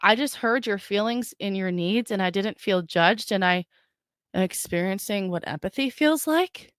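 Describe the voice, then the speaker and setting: Chatty woman podcast host, smooth dry voice. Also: medium pitch, animated, normal speed, no echo. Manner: chatty, stumbling restarts, addresses listeners as guys. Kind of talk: casual solo podcast talk.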